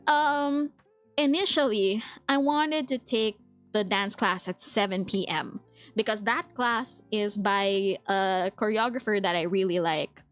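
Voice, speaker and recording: A woman's voice: mid-range voice, a little slow, fairly bright tone, faint music behind. A young Filipino woman with a Filipino accent, chatting casually with her stream chat, laughing often and reading messages aloud. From Philippines. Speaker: VTuber streamer.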